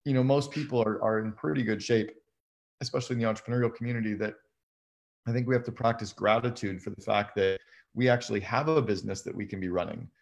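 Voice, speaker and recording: Gravelly low-voiced man explaining habits. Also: fast talker. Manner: conversational, explains habits step by step. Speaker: guest. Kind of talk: casual live conversation.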